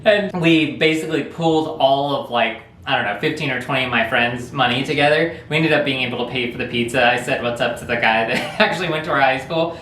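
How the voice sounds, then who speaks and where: A man tells a funny story casually, rambling and chuckling as he goes. His voice sits at a middle pitch. It sounds like an echoey room with faint background noise. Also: fast talker, hardly any pauses, pushed and bright. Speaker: vlog host.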